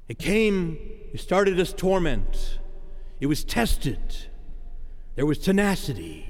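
A man's voice: a little high, wildly swooping pitch, unhurried, in a large hall. A man preaching a sermon in a dramatic cadence, acting out the voices of the people he quotes.

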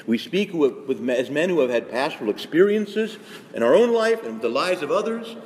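A priest addressing his brother clergy with earnest emphasis, his pitch rising and falling in lively swings. The talk rings out in a hall with a long echo. Faint ambient hum stays in the background. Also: a little fast. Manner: earnest, emphatic, conversational with asides. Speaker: priest giving a conference to priests. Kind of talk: spoken retreat talk.

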